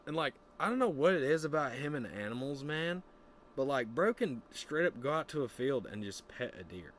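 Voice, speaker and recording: A young man casually chatting on a stream, telling a story in a rambling, profane way and breaking into lively voices when he quotes people. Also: mid-range voice, normal speed, a little hiss or hum. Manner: rambling, profane, animated quoting.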